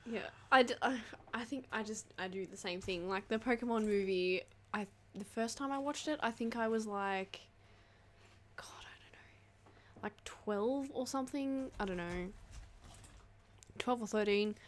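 A woman's voice: mid-range voice, measured pace, fairly bright tone, a little hiss or hum. A woman co-hosting a podcast in casual chat, blunt and swearing a lot. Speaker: podcast co-host.

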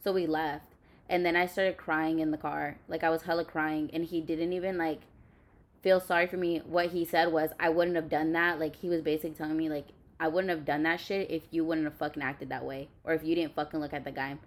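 A woman's voice: low voice, flat delivery, fairly quick. A young woman telling a personal story bluntly, with lots of swearing and fillers. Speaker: podcast host. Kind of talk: candid storytelling chat.

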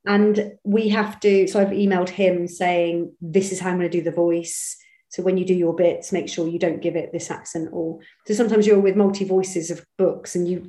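Chatty British actress, low mellow voice. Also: female voice, roomy sound, rough recording. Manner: chatty, animated, quick restarts. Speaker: actor and audiobook narrator. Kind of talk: interview answers. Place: home studio.

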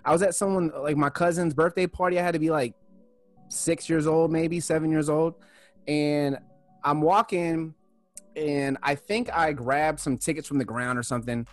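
A young man co-hosting a casual podcast, telling stories with lively acted-out quotes. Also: fairly high pitch, moderate pace, no room sound, faint music behind. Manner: animated storyteller, acts out quotes loudly. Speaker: podcast co-host. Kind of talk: casual chat, storytelling.

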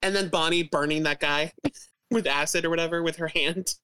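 A woman's voice: low-pitched, fairly even intonation, normal speed, pushed and bright, clear, resonant tone, no echo. A woman co-hosting a podcast, chatting enthusiastically and laughing often about a TV show. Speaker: podcast co-host. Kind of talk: casual chat about a TV show.

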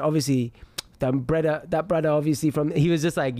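Animated young man telling stories. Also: a little high, normal speed. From born in London, raised in South Africa. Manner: animated storyteller, slangy. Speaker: podcast co-host, actor. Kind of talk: casual podcast chat.

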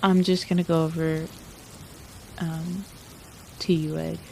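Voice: mid-range voice, flat delivery, slow pace, vocal fry, slight background noise. A player at a tabletop role-playing game, speaking hesitantly with many fillers. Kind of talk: casual tabletop play.

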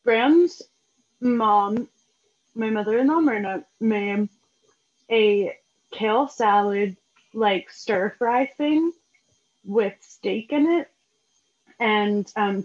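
Woman cohost on a call, excited and chatty, muffled lo-fi sound. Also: medium pitch, slow, long pauses. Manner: enthusiastic, chatty. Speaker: podcast co-host. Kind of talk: casual chat. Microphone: remote call.

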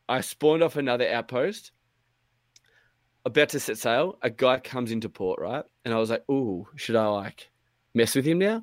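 A man's voice: medium pitch, no room sound, studio quality. A young man co-hosting a podcast, telling a long story in rambling, swearing, casual chat and acting out his own thoughts. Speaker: podcast co-host.

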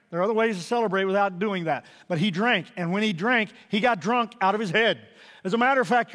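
A man preaching a sermon as pastor, building to loud emphatic peaks and dropping to quiet asides. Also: high voice. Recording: reverberant hall.

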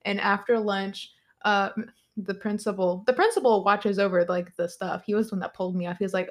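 A young adult woman telling a story as a podcast guest, animated, laughing often and swearing a lot. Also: mid-range voice, brisk. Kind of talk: casual storytelling.

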